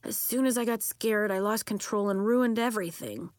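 A woman voicing a worried young boy in a storybook, with a thoughtful, measured and somewhat glum delivery. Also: mid-range voice, no echo, studio quality, lightly acted. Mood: rueful. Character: worried young boy with fire and ice powers.

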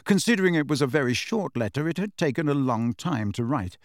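A man narrating an audiobook in a steady, measured storytelling voice. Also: fairly high pitch, no room sound, studio quality.

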